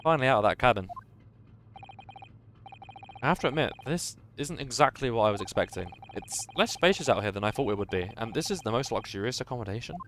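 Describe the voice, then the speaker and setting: A man's voice: medium pitch, animated, quick pace, fairly bright tone, a little hiss or hum, lightly acted. A man voicing a nervous, earnest young male lawyer who stammers and sounds surprised, reading game dialogue aloud.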